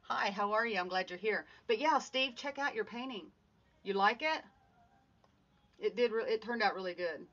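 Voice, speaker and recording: A woman hosts a laid-back livestream from home, working on crafts while chatting upbeat and greeting viewers by name. She speaks at a moderate pace in a medium pitch with a fairly bright tone. The live phone audio is slightly dull, with faint music.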